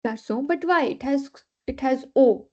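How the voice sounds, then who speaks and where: A woman's voice: high-pitched, slow pace, a little mellow. A woman teaching a French class, patiently repeating rules and checking in with "okay". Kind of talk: live online class teaching. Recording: dull lo-fi class recording.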